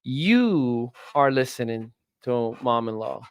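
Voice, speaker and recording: A man hosting a casual personal growth chat, telling lively stories and acting out the people he quotes. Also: mid-range voice, takes it slowly, clear, resonant tone, no echo. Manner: animated storyteller, acts out quoted voices. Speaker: host, personal growth speaker.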